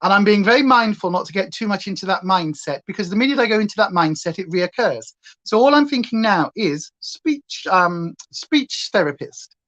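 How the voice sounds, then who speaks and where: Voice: medium pitch, lively intonation, normal speed, fairly bright tone. A makeup livestream host with a Northern English accent, chatting casually and going off on rambling tangents while doing makeup. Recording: slightly dull lo-fi sound.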